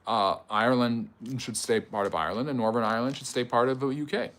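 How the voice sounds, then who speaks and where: A man hosting a livestream history lecture, answering chat questions in a conversational way with fillers and quick rebuttals. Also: medium pitch, fairly even intonation, a bit bright.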